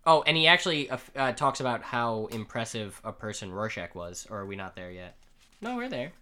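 Man, casual podcast chat, slight lisp from aligner trays, excitable, voice jumps up when excited. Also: mid-range voice, a little fast. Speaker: podcast co-host. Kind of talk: casual chat recapping a comic.

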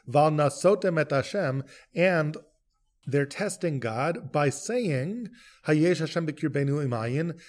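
Man, rabbi type, higher-pitched, animated teaching voice, podcast study. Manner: animated, questioning, reads verses then explains. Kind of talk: podcast text study discussion.

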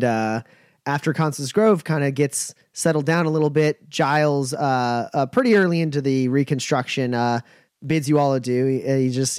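A man narrating a tabletop game as game master, relaxed and laughing, with many fillers. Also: mid-range voice, clear, resonant tone, no echo, clean studio sound.

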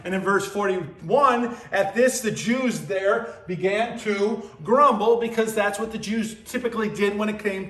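A man preaching a sermon, teaching verse by verse with emphatic rises and low, quiet drops. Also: roomy sound.

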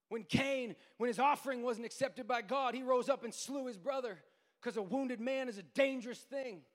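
High-voiced preacher in an echoing hall. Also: male voice. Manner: builds from quiet storytelling to shouted, sing-song preaching. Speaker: pastor. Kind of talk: sermon. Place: church sanctuary.

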